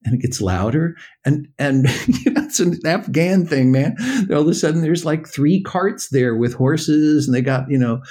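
Older American male guest, halting storyteller who acts out voices, casual interview. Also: a little high, dark tone. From United States.

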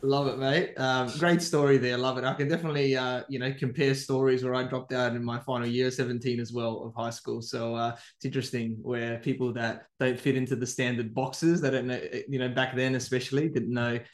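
Host: man, mid pitch, chatty, rambling, says "mate" often. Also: level tone, fairly quick, few pauses. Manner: rambling, lots of fillers and "mate". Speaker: podcast host. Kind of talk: interview chat.

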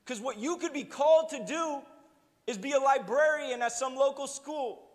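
A man's voice: very high-pitched, moderate pace. A young adult man preaching a sermon as pastor, casual and humorous, with joking asides to the congregation. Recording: long hall reverb.

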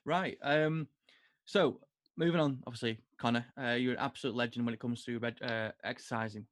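A man hosting a casual podcast chat, rambling with fillers and quick to joke. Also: medium pitch, fairly even intonation, no echo, studio quality. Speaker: podcast host.

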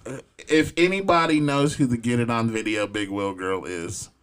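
A man's voice: mid-range voice, normal speed, smooth. A man hosting a podcast, telling a profane story animatedly in casual chat. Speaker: podcast host.

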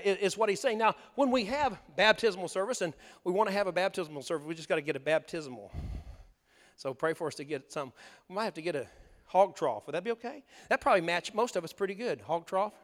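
A man's voice: high-pitched, a bit bright. A male pastor, preaching a sermon in a folksy, emphatic way in a church sanctuary. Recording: long hall reverb.

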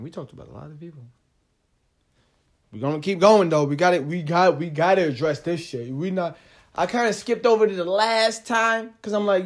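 A man in his late twenties hosting his own podcast, ranting casually, profane and rambling with lots of restarts. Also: high voice. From New Jersey. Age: 20s. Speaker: podcast host. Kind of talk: casual solo podcast rant.

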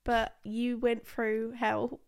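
Slow-talking, higher-voiced woman co-host. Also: monotone, gravelly, smooth. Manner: reacts with laughs and short exclamations. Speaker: podcast co-host. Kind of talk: casual chat.

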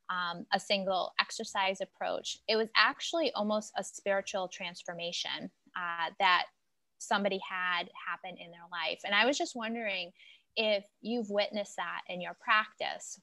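A woman interviewer with a bright, clear voice, asking long questions with many hesitations. She is recorded dry and close to the mic. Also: medium pitch, no echo, poor audio. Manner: thoughtful, with many filler pauses.

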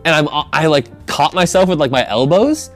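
A man's voice: a little high, lively intonation, moderate pace, faint music behind. A young man co-hosting a podcast, telling an embarrassing story in a rambling, self-mocking way with lots of laughing. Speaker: podcast co-host. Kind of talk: casual storytelling chat.

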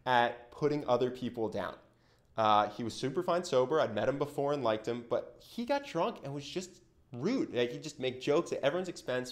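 Animated young man coaching on conversations. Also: medium pitch. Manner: animated storytelling with acted-out quotes. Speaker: communication coach. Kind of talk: explanatory talk to camera.

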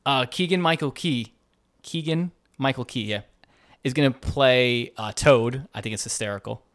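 A man's voice: mid-range voice, normal speed, a bit bright, dry recording, studio quality. Upbeat chatty man co-hosting a podcast. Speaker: podcast co-host. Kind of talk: casual gaming news chat.

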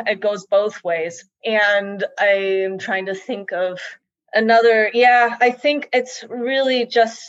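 A woman's voice: medium pitch, dry recording. A woman giving a casual interview, thinking aloud with frequent restarts and fillers. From United States. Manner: hesitant, many restarts and likes, reflective. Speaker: interview guest. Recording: dull, slightly muffled dry sound.

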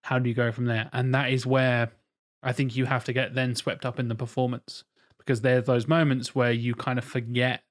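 Male podcast co-host, mid-pitched, blunt and profane, rambles through opinions. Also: flat delivery, normal speed. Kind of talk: casual chat.

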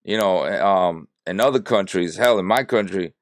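A man's voice: deep voice, normal speed, no room sound, clean studio sound. A man giving a blunt, exasperated reaction rant about politics, swearing freely as he talks. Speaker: political commentator reacting to a clip.

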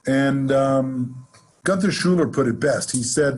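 Man, jazz teacher, very smooth resonant voice, mid pitch, relaxed explaining, counts off beats. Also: measured pace. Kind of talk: instructional lesson with playing examples.

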